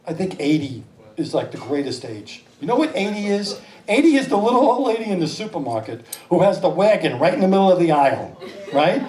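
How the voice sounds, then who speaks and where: Animated comic in his fifties, echoey club. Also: high-pitched, brisk. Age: 50s. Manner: animated, slipping into exaggerated voices. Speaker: stand-up comedian. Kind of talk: stand-up comedy set. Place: small comedy club stage. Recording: echoey club from a distance, laughing crowd. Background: audience laughter.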